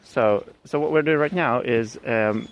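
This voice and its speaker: A man's voice: mid-range voice, a little slow, a little hiss or hum. A man explaining his dog training approach in a casual, thinking-aloud way, with plenty of fillers and restarts.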